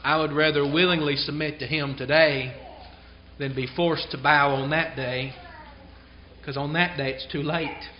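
Man preaching in church, earnest, leans hard on key words, slightly high voice, muffled lo-fi sound. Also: fairly even intonation. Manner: earnest, emphatic, slows down to stress key phrases. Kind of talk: sermon. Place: church service. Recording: dull lo-fi sound.

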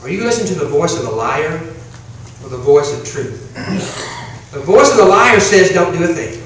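High-voiced preacher in an echoey church. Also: male voice, very animated, moderate pace, a little hiss or hum. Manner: pleading, repetitive, swings between hushed and emphatic. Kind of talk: evangelistic sermon. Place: church sanctuary. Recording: very echoey, from a distance.

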